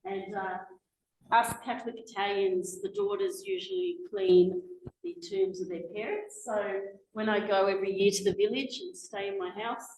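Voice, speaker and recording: A middle-aged woman giving a public talk, telling a personal family story in a reflective, unhurried way with small restarts. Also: mid-range voice, expressive, darkish tone. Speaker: guest speaker. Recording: echoey room with faint noise.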